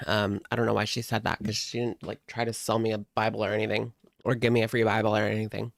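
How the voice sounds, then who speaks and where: A man's voice: lowish voice, little pitch movement, fast talker, vocal fry, no echo, clean studio sound. A man in his thirties telling a rambling, amused story in a casual chat with a live audience, with lots of fillers. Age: 30s. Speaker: host.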